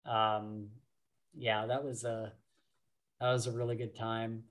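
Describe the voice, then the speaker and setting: A man's voice: lowish voice, level tone, takes it slowly, fairly bright tone. A man co-hosting a podcast, talking casually about books with many fillers and frequent laughs. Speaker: podcast co-host. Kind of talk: casual book discussion.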